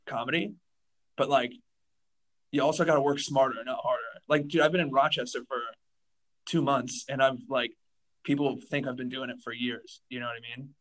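A man's voice: medium pitch, fairly even intonation, a little fast, fairly bright tone. A young man, a stand-up comedian, chatting casually on a podcast, rambling with lots of fillers and restarts. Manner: rambling, filler-heavy, says dude a lot.

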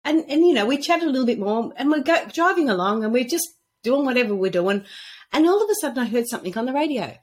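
Woman, podcast guest, husky voice, very lively pitch, animated storytelling, casual chat. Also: fast talker. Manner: animated storyteller acting out quoted dialogue. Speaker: guest author on intuition. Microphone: podcast microphone at a computer.

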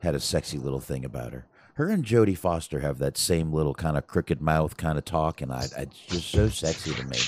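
A man with a very low voice that swings up and down with plenty of life. He co-hosts a casual podcast chat, rambling along with self-deprecating, crude humor. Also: animated, brisk, few pauses, darkish tone, slight background noise. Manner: salty, profane humor. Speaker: podcast co-host.

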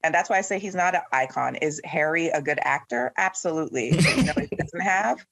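A man's voice: a little high, a little fast, creaky, fairly bright tone, dry recording. A man in his thirties hosting a casual chat with friends, opinionated and sarcastic as he tells things with animation. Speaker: podcast host.

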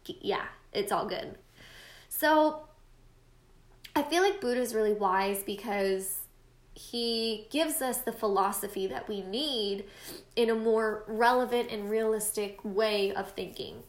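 A woman's voice: mid-range voice, takes it slowly, roomy sound. A woman in her late twenties hosting her own podcast, talking in a casual, encouraging and self-deprecating way, with a stuffy nose. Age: late 20s. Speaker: podcast host. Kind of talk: casual solo podcast monologue.

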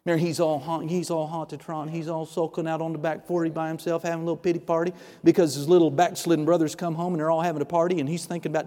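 Preaching with animation, the man moves fast and rarely pauses, going from near-whispers to booming declarations. His pitch is fairly high, and the sound rings through a large church with long reverb.

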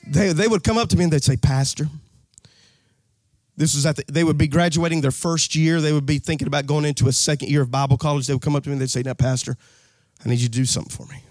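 A man preaching a live sermon as pastor, animated and folksy, breaking into shouts and a sing-song cadence. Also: fairly high pitch, very fast, few pauses, dry recording, studio quality. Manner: folksy, jokes with the crowd, repeats phrases.

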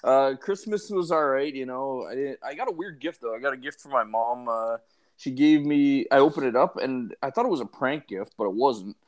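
A laid-back man co-hosting a podcast, chatting casually and swearing easily. His voice sits at an ordinary mid pitch for a man. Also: moderate pace. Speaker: podcast co-host. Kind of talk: casual chat.

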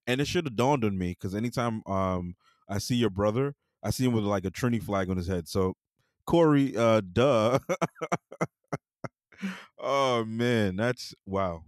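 A man hosting an interview, playful and quick to laugh. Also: fairly low pitch, smooth, no echo, clean studio sound. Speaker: interview host. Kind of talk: conversational interview.

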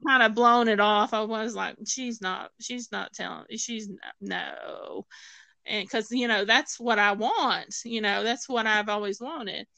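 A woman's voice: on the high side, moderate pace, gravelly, few pauses, bright, forceful tone, dry recording, rough recording. A woman telling a personal story as a guest, acting out the voices of others and using many fillers and restarts. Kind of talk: personal testimony in conversation.

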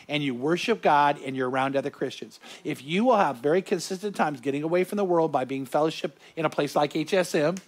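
Male pastor preaching to a small room of listeners, earnest and animated, voice sitting a bit high, words tumbling over restarts. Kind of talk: sermon.

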